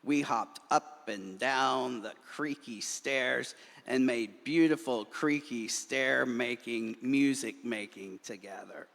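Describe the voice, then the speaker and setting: Slow gravelly man reading in a hall. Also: medium pitch. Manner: animated storytelling with voices for characters. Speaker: minister. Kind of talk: reading a children's story aloud. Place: church sanctuary. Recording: long reverb of a large hall.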